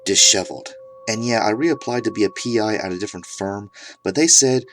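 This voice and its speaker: A man's voice: fairly low pitch, animated, a little fast, a bit bright, a little hiss or hum. A man narrating an absurd comedic horror story in a mock-serious tone.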